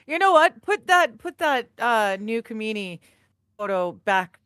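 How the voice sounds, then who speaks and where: A woman's voice: a little high, very animated, takes it slowly, fairly bright tone, clear, resonant tone, dry recording, studio quality. A woman co-hosting a casual live stream, chatting easily and laughing often. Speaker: stream co-host.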